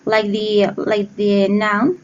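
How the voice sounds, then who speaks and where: A woman's voice: medium pitch, monotone, takes it slowly, muffled recording, slight background noise. A woman student explaining a grammar point in an online class, hesitant and searching for words.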